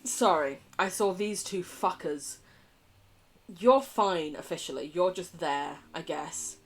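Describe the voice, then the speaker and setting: A woman's voice: lowish voice, slow, breathy edge, soft background music. A woman streamer, reading a dating game aloud, giggling often, swearing and trying out voices for the characters.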